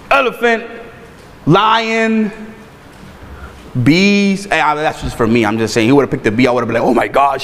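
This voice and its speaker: Animated man preaching in a long-echo hall. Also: high-pitched. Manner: animated, conversational preaching with repeated words and playful asides. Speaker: pastor. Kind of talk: sermon.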